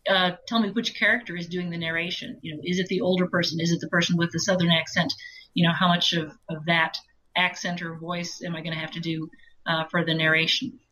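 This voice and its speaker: A woman audiobook narrator talking casually as an interview guest, telling animated stories with laughs. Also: on the low side, fairly quick, poor audio. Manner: chatty, animated storytelling with laughs.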